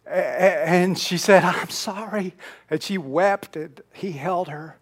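A male pastor telling stories in a conversational sermon, moving between loud emphasis and soft, almost whispered moments. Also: sits high, takes it slowly. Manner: conversational storytelling, swings from loud emphasis to hushed near-whisper.

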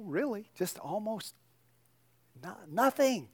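A man's voice: high voice, very animated, takes it slowly, no room sound, studio quality. An older man, a pastor, giving a sermon in a conversational storytelling way with joking asides.

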